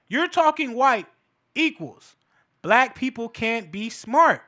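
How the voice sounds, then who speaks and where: A man's voice: very high-pitched, animated, measured pace, bright, forceful tone. A man hosting a show, delivering a casual, profane commentary monologue and laughing between his points. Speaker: show host.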